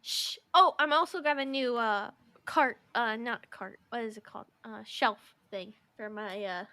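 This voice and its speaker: A woman's voice: fairly high pitch, normal speed, bright, forceful tone, no room sound. A woman co-hosting a podcast in casual chat, playful and giggly, teasing her co-host. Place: podcast studio.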